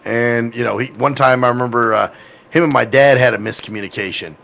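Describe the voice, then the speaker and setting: Male podcast host, gravelly, rambling and profane, casual tone. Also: mid-range voice, fairly even intonation, a little fast, a bit bright, slight background noise. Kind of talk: casual chat.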